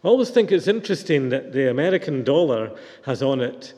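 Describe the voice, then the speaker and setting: Mellow preacher in a church. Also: male voice, mid-range voice, very animated, a little fast, long reverb tail. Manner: reflective, questioning. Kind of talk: sermon.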